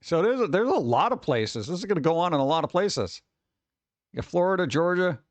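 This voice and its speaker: Stream host, male, a bit high-pitched, dry close mic, rambly and quick to grumble. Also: lively intonation, no room sound. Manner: rambling, exclaims and grumbles at tech trouble. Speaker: livestream host. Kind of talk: casual live-stream chat.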